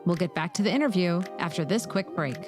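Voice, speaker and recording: A woman host reads the break and sponsor copy in a breezy, upbeat tone. Her voice sits fairly low, and music plays clearly behind her. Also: expressive, fast. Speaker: podcast host. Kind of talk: scripted ad read.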